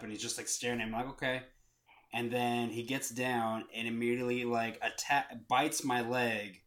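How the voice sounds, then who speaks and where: A young man co-hosting a casual podcast, with a bright, ringing tone. He rambles through stories and acts out the voices of the people in them. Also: mid-range voice. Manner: rambling, animated storytelling, acting out voices. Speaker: podcast co-host. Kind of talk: casual storytelling chat.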